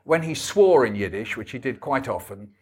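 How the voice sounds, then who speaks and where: Wry older author telling stories. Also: male voice, medium pitch, animated, moderate pace, a little mellow, slightly rough. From England. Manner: wry, anecdotal storyteller. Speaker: author guest. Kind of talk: storytelling book talk.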